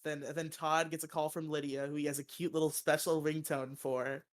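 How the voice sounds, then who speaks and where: Man, podcast host, casual recap, slightly high voice, lots of laughter. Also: little pitch movement, moderate pace. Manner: laughs often, swears casually, acts out quotes. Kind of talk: casual movie review chat.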